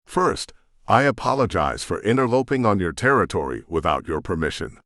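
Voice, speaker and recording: A man's voice: deep voice, sing-song, normal speed, a bit bright, no room sound, studio quality. A man voicing an earnest, pleading young woman. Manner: pleading and polite.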